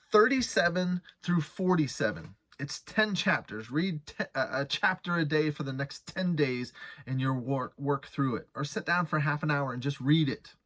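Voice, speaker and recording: Bright-voiced, earnest preaching man. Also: a little high. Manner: earnest, conversational preaching with dramatic scripture reading. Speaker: pastor. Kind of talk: sermon.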